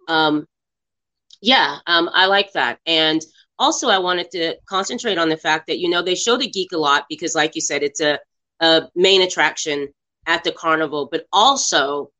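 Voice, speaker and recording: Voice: medium pitch, sharp tone. A podcast co-host chatting about a film, rambling with lots of fillers and upbeat enthusiasm. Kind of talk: casual film discussion.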